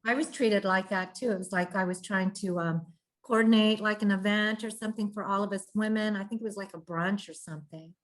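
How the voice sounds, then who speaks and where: A woman host who is also a veteran, speaking in relaxed conversation. Her mid-pitched voice turns emphatic and animated as she makes her points. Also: a little fast. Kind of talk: casual conversation.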